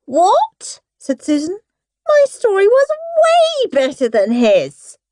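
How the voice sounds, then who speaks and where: A woman's voice: very high-pitched, huge pitch swings, slow, darkish tone, no room sound, voice pushed up, full character voice. A woman voicing a little girl who speaks in a simple, matter-of-fact way. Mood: plain. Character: plain-spoken little girl.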